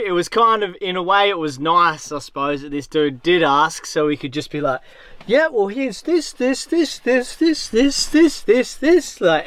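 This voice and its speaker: A young man and sailing vlogger telling a story in a casual, animated way, leaning on "like" a lot. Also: on the high side, clean tone, dry recording. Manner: animated, chatty, heavy use of "like".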